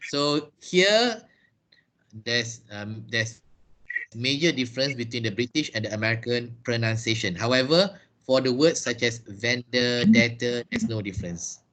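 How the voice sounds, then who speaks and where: In an online English class held by video call, a Malaysian-accented teacher answers questions patiently and walks through each step. He speaks unhurriedly in a medium-pitched, fairly bright voice.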